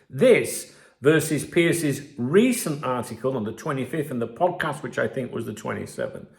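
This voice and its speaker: A man hosting his channel, giving casual commentary while reading out analysis, animated and conversational, often checking in with "right?". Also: on the high side, roomy sound. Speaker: channel host.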